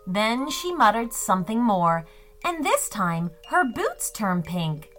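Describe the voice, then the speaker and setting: Woman storyteller, slow and bright, swoopy, soft music under. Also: mid-range voice. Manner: gentle, expressive reading. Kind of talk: scripted children's story narration.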